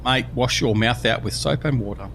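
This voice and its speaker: A man's voice: mid-range voice, moderate pace, fairly bright tone, a little hiss or hum. Joking Australian man chatting on a livestream. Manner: rambling, joking, reads out chat messages. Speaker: livestream host. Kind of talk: casual livestream chat.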